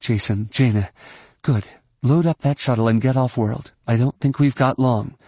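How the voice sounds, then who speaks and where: A man voicing a brisk, commanding middle-aged woman leader in an audiobook. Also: mid-range voice, dark tone, dry recording, clean studio sound, lightly acted. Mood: urgent, commanding.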